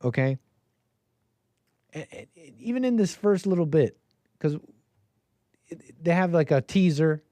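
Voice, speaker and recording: A man's voice: a little high, lively intonation, a little slow, long pauses, dark tone, no room sound. Guy hosting a call-in show, rambly and emphatic, dry close mic. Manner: rambling, restarts often, emphatic. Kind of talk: casual commentary monologue.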